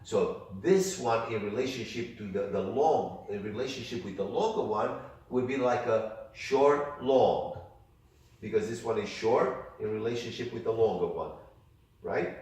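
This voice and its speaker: A man with a low voice leads a music ear training class and sings rhythms on "ta" for the students to copy. He is heard from across an echoey room, with faint noise behind him. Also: a little slow, darkish tone, distant mic. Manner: coaxing, demonstrates rhythms by singing "ta". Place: workshop room. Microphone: distant room mic. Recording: echoey room, picked up from afar.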